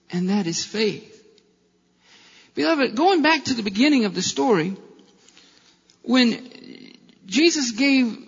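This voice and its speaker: A man's voice: extremely high pitch, a bit bright, breathy edge. A male pastor preaching a sermon with impassioned delivery and rhetorical questions, in a church. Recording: long hall reverb, dull lo-fi sound.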